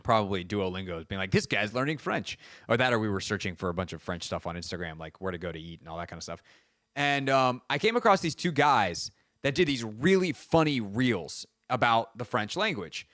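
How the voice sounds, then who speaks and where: A man's voice: fairly low pitch, sing-song, brisk, fairly bright tone, no echo. A man hosting a sports radio show, telling stories in a casual, rambling way and poking fun at himself, on a studio microphone. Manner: rambling, self-mocking storytelling.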